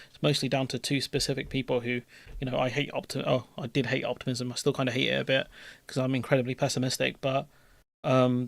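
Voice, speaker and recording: Rambling young streamer, dry room. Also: male voice, medium pitch, vocal fry, no room sound. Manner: rambling, full of fillers and restarts, swears offhand. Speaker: streamer hosting a live political chat. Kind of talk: casual live-stream commentary.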